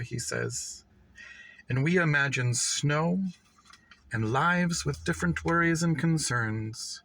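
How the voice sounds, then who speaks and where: A man giving a measured, reflective reading of a literary story. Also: fairly high pitch, gravelly, a bit bright, poor audio. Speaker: reader.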